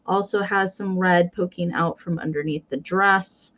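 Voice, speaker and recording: A woman's voice: fairly low pitch, fairly even intonation, a little slow, fairly bright tone, dull audio. A woman hosting a live-stream sale in a casual, chatty way, describing each item in detail with frequent ums and counting down bids.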